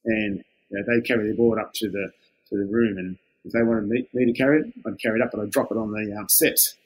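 Husky older Australian man yarning. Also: fairly low pitch, animated, fast. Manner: laid-back yarning, acts out quoted exchanges, chuckles often. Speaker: interviewee, former lifeguard. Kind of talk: casual storytelling.

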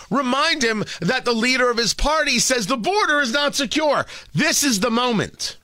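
A man's voice: extremely high pitch, expressive, normal speed, few pauses, bright, forceful tone, dry recording, clean studio sound. A man hosting a morning radio talk show, giving emphatic, incredulous opinion commentary full of rhetorical questions. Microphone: studio microphone.

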